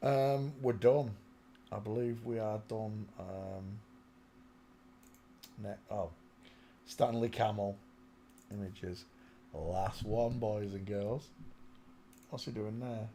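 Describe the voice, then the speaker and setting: Here the man's voice sits on the low side with a dark tone, over slight background noise. Hosting his own channel, he scrolls through photos and comments casually, muttering and half-singing between thoughts into a small desk microphone right in front of him.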